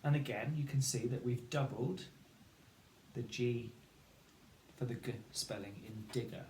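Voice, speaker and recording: A man's voice: medium pitch, a little slow, darkish tone. A man teaching a phonics lesson, patiently sounding out letters and words. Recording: echoey room, faint background noise.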